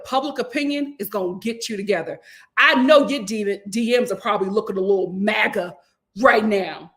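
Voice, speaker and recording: A woman giving casual, sassy commentary on reality TV, talking in a colloquial, animated way. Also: mid-range voice. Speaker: reality TV reviewer.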